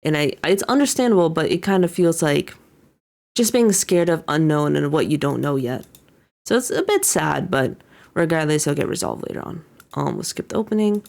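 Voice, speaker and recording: A woman's voice: sits low, animated, normal speed, gravelly, darkish tone. A young woman VTuber casually recapping an anime episode, paraphrasing the characters' lines with frequent fillers. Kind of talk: casual commentary.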